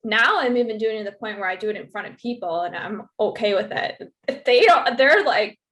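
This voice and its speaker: A woman guest on a podcast talking casually, halting often with "like" and "um" as she searches for words. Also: mid-range voice, a bit bright. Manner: halting, full of "like" and "um". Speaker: podcast guest, retreat host. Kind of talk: casual conversation.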